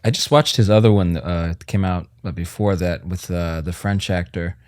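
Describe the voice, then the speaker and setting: A man's voice: low-pitched, normal speed, darkish tone, no room sound, clean studio sound. A man co-hosting a podcast, reacting with enthusiasm in casual chat. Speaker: podcast co-host.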